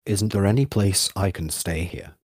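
Guy doing a defensive insect-collecting teacher, low voice, keeps insisting. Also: moderate pace, darkish tone, no echo, studio quality. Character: male schoolteacher collecting insects, flustered.

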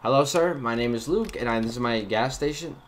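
A man's voice: mid-range voice, fairly quick, heavy background noise, lightly acted. A young man putting on an overly polite voice as a male gas station clerk. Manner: put-on customer service voice.

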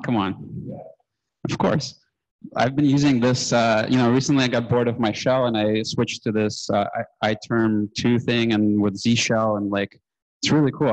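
A man giving a casual conference talk on stage, relaxed and anecdotal, with frequent ums and uhs. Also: medium pitch, poor audio. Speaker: conference speaker.

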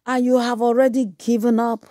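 High-voiced woman evangelist preaching. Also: level tone, normal speed, no echo, studio quality. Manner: emphatic and repetitive, shifting into loud praying in tongues. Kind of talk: sermon and fiery prayer.

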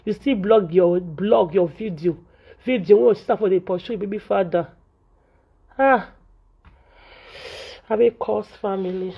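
A woman's voice: mid-range voice, unhurried, vocal fry, pauses often, husky. A Nigerian woman vlogger, venting in Pidgin English and scolding repetitively in an indignant tone. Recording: dull lo-fi audio.

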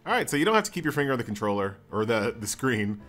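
Lively, bright-voiced gaming YouTuber man. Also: mid-range voice, rapid-fire. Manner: upbeat, reads tutorial prompts aloud. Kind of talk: casual let's-play commentary. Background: game music.

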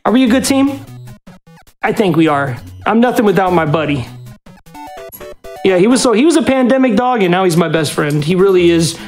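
A man runs a live speedrun alongside his dog, giving doting, coaxing commands and explaining the game between them. His pitch swoops widely, rising and falling from word to word. Faint music plays behind him. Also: lively intonation, brisk, pauses often, a little mellow. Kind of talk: live marathon speedrun talk.

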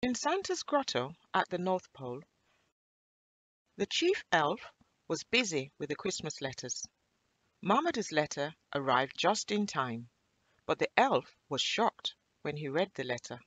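A woman reads a children's story aloud, her voice rising and falling with lively, animated expression. The recording sounds close and dry, with no room echo around her. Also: low-pitched, unhurried.

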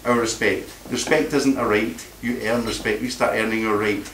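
A man's voice: on the low side, little pitch movement, moderate pace, a bit bright. A man giving a blunt, combative informal talk to a live audience at a meeting, often repeating words as he searches for them. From Scotland. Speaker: meeting speaker. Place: meeting room. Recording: echoey room from far off, faint noise.

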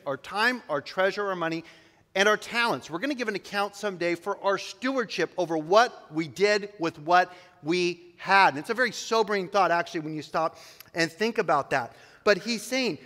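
A man's voice: high-pitched, fairly bright tone. A male pastor preaching a sermon and reading scripture aloud in a church sanctuary. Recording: long reverb of a church hall.

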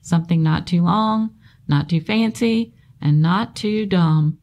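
A woman's voice: lowish voice, slow, a little mellow. A woman reading a storybook aloud, voicing tiny, polite baby spiders in a cheerful, matter-of-fact way. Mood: friendly.

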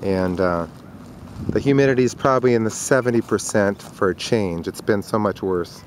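A man narrating a casual home video outdoors in a riverside park, chatting in a rambling way and calling to his dog in a high voice, recorded on a handheld camcorder. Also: moderate pace. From Minnesota. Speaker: dog owner filming outdoors. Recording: faint outdoor noise.

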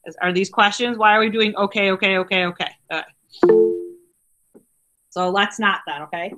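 A woman's voice: mid-range voice, fairly even intonation, normal speed, sharp tone, soft background music. A woman teacher giving a chatty grammar lesson to her class over a video call, saying okay a lot. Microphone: computer mic on a video call.

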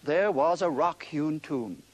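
A man's voice: on the high side, lively intonation, takes it slowly, low-quality recording. A man guiding a tour, speaking earnestly on scripture and explaining it to a child. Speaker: tour guide. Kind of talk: guided tour talk on scripture.

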